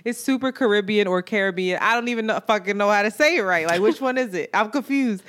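Woman podcast cohost spilling a dating story, loose and animated, cussing and doing everyone's lines. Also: mid-range voice, fast. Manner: animated storytelling, swearing, acting out quotes. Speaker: podcast co-host. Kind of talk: casual chat. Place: New York.

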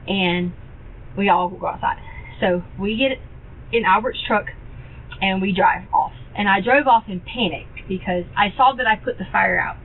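Woman, rambling police interview talk, stop-start with lots of fillers, tinny phone-like sound, faint hiss. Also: medium pitch. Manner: rambling, halting, many fillers and restarts.

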